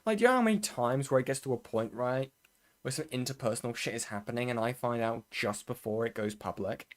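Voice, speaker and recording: A male streamer rants casually over a clip he is watching. His pitch sits in the middle of the range. He talks bluntly, swears freely and laughs through his frustration. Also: a little fast. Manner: blunt, swears often, exasperated asides, laughs. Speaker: commentary streamer. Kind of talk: casual reaction commentary.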